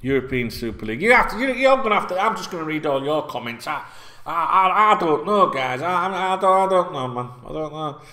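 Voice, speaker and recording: Heated and full of swearing, a North Yorkshire football fan channel host rants repetitively in his vlog. The Yorkshireman's pitch is animated and his delivery brisk, and the recording has an echoey room sound.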